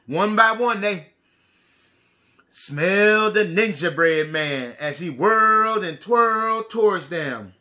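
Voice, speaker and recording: A man teacher who reads a picture book aloud to young children, speaking slowly and deliberately and asking them questions. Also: high voice, lively intonation, bright, forceful tone.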